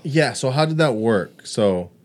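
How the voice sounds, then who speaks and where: A man's voice: mid-range voice, lively intonation, a little slow. A man in casual podcast chat, rambling, with lots of restarts and "like". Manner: rambling, restarts, heavy use of "like".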